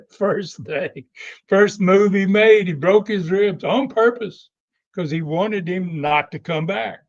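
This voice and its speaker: A man's voice: sits high, dull audio. Older man spinning a rambling yarn. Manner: unhurried, many fillers and restarts. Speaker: wrestling legend guest. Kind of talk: rambling anecdotal storytelling.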